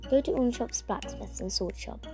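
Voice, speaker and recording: A woman voicing a brisk, no-nonsense village mother. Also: a little high, music in the background, lightly acted. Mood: stern. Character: strict, cheerfully pushy village mother.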